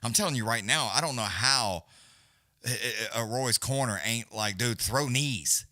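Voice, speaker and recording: A man's voice: mid-range voice, normal speed, bright, forceful tone, dry recording, clean studio sound. A man giving loose, profane, casual live fight commentary as a companion-stream host. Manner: profane, blunt, loose, Southern-leaning slang.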